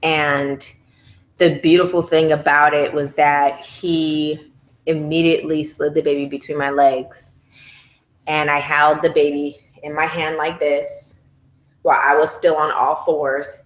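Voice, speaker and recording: Animated woman telling a birth story. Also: low-pitched, measured pace, roomy sound, poor audio. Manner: candid, profane, acts out her own screams. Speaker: mother telling her home birth story. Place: room at a baby celebration.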